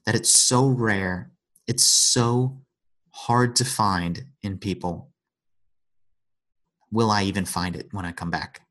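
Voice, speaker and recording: A man's voice: fairly low pitch, steady tone, takes it slowly, pauses often, a bit bright. A man in an earnest conversational Bible discussion, retelling scripture stories and acting out the quotes.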